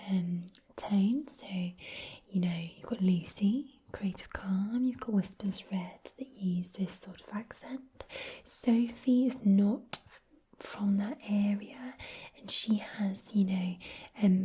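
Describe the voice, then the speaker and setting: A woman's voice: medium pitch, mellow, slight background noise. A woman from Scotland giving a whispered ASMR talk, rambling with many fillers. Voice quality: husky whisper. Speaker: ASMR creator.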